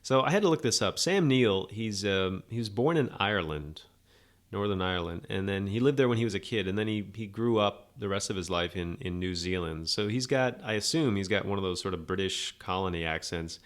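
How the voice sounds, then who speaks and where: A man's voice: on the low side, a little fast. A man hosting a podcast, giving a rambling, sarcastic, opinionated movie review in a casual monologue. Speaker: podcast host.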